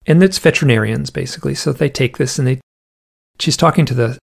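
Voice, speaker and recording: This is a man's voice, medium in pitch, quick-paced and touched with vocal fry. Appearing as an interview guest, he spins a loose, casual story full of "like" asides, acting out what each person in it said.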